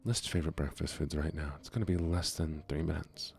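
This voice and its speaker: A man streaming a game in a soft-spoken way, chatting with his viewers in a relaxed manner. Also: extremely low pitch, a little fast, vocal fry, a little hiss or hum.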